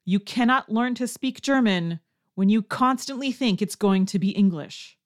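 A woman hosting a language-learning podcast, reading a scripted lesson and acting out learners' questions in a higher voice. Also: normal speed. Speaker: language teacher and podcast host.

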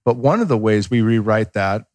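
Man in his thirties, low voice, rambling casual podcast talk, swears freely, dry close mic. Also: animated, moderate pace, darkish tone, no echo. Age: 30s. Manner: candid and rambling, swears freely, acts out quotes. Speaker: podcast guest.

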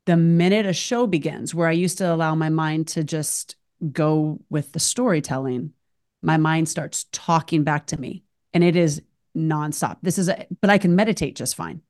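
A woman's voice: sits low, steady tone, moderate pace, a little mellow. A woman hosting a podcast, talking openly in long, emotional run-on thoughts. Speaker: podcast host. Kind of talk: casual conversation.

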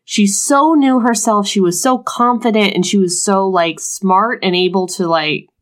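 A woman's voice: mid-range voice, measured pace. A woman co-hosting a podcast, casually retelling a book's plot in a jokey way. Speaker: podcast co-host. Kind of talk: casual book discussion.

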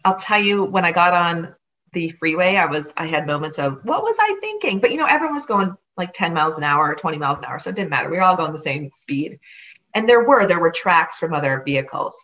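A woman with a fairly low voice tells a personal story with lively energy. She slips into the voices of the people she quotes as she goes. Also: fast. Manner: animated, acts out others' words.

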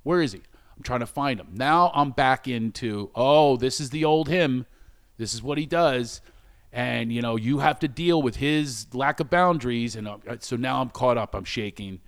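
Candid middle-aged man telling a story. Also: normal speed. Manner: animated, acts out quoted exchanges with sudden high exclamations; self-reflective, speaks openly about recovery and shame. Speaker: guest telling a personal story.

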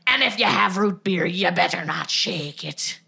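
Playful woman co-host, quick to laugh. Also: lowish voice, expressive, vocal fry, pushed and bright, breathy edge. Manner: playful, laughs often, slips into joke accents. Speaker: podcast co-host. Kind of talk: comedic banter with put-on voices.

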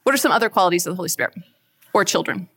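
A woman giving a faith talk to a live audience, chatty and animated, often asking the crowd questions. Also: lowish voice, very fast, slightly rough. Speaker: speaker at a church event. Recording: long hall reverb.

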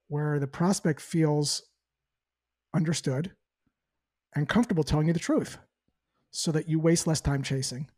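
A man giving a conversational sales coaching talk, animated and lively, acting out sample phone exchanges. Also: fairly high pitch, slightly rough. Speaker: sales trainer.

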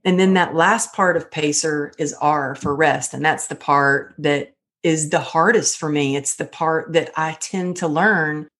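A middle-aged woman speaks in a slightly low voice. She talks earnestly and tells her story with animation, like a guest in a casual podcast conversation. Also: a little slow, hardly any pauses, a bit bright.

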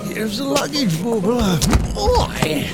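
A man's voice: very high-pitched, huge pitch swings, slow pace, over loud music, exaggerated voice. A man playing a brash, joking comedian friend in an audio drama.

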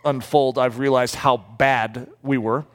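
A middle-aged man preaching in a storytelling way, animated and breaking into acted-out quotes. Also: mid-range voice, unhurried. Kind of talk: storytelling sermon.

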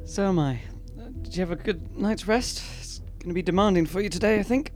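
A man's voice: high-pitched, a little fast, darkish tone, soft background music, pitched above the performer's own voice. A man voicing a frazzled, nervous woman in a fantasy tale who hesitates and laughs anxiously.

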